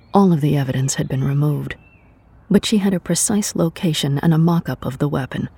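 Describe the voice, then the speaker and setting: Audio-drama narrator, steady storytelling, gravelly, husky, mid pitch. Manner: steady storytelling, voicing every character.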